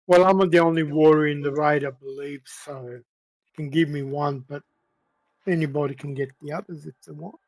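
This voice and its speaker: A man on voice chat with a fairly high voice, joking easily with his raid mates. His sound is dry and close, with no room around it. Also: steady tone, moderate pace, dry recording. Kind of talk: casual voice chat.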